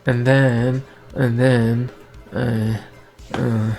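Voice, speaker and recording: A man improvising a story as he goes, in a rambling, hesitant way. He often restarts and fills pauses, at a mid pitch. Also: flat delivery, gravelly, darkish tone, faint music behind.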